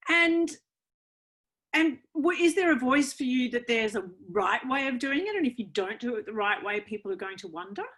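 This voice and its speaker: Woman, interview host, fairly high pitch, thoughtful. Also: expressive, moderate pace. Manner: warm, thoughtful, searching for words. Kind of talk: interview questions.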